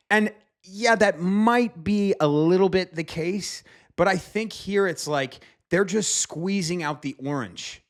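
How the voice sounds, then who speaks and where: A man's voice: a little high, normal speed. A man casually reviewing an album, talking enthusiastically in a rambling way with frequent fillers and casual swearing. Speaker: music reviewer.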